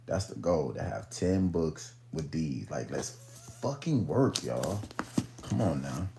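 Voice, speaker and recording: A man's voice: rumbling low, sing-song, slow, gravelly, dark tone, a little hiss or hum. A young man chatting casually on a phone live stream in laid-back, profane slang, then reading a book aloud. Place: at home, in bed.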